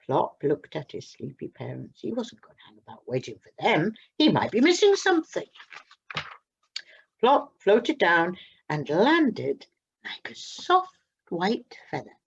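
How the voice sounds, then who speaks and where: A woman reads a children's story aloud at a slow, expressive pace. Her voice has a gravelly, husky grain and lively pitch. The recording sounds dull and lo-fi. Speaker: storybook reader at a church service.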